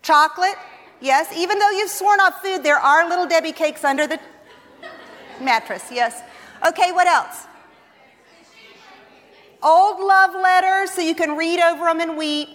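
A woman giving a humorous testimony sermon to a Christian women's gathering, telling her story in a lively, self-mocking way. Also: very high-pitched, moderate pace. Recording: long reverb of a large hall.

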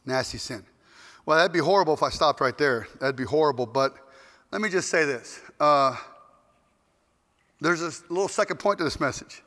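A man preaching a sermon, telling stories in an animated, joking way. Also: mid-range voice. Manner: animated, joking storyteller who acts out quotes loudly. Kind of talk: storytelling sermon. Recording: long hall reverb.

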